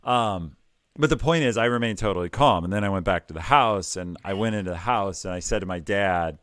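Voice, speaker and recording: Calm, low-voiced middle-aged man from Ohio. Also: no echo, studio quality. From Ohio, United States. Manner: calm, measured, hesitant with fillers. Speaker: podcast guest, tech executive. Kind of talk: conversational storytelling.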